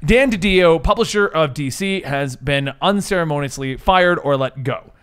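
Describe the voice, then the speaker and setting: A man hosting a casual comics podcast, talking in a lively, joking, enthusiastic way. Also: a little high, normal speed, smooth. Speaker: podcast host.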